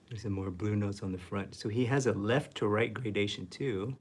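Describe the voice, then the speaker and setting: A man teaching painting, talking to himself as he works, muttering, self-critical, slipping into soft whispers. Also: fairly low pitch, unhurried, pauses often, a little hiss or hum. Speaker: art instructor. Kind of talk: painting demo with self-talk.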